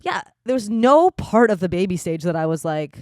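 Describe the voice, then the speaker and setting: A woman's voice: fairly low pitch, sing-song, normal speed, no room sound, clean studio sound. A young woman co-hosting a podcast in casual chat, blunt and teasing, swearing freely. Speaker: podcast co-host.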